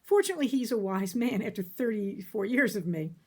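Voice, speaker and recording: A middle-aged woman therapist giving a casual, folksy talk about relationships, emphatic and quick to laugh. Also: medium pitch, lively intonation, mellow, husky.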